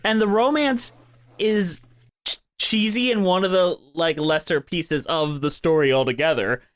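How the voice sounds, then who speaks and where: A man's voice: on the high side, a little slow, no echo. Upbeat man co-hosting a podcast. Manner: enthusiastic, swears casually. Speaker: podcast co-host. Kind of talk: casual chat about musicals.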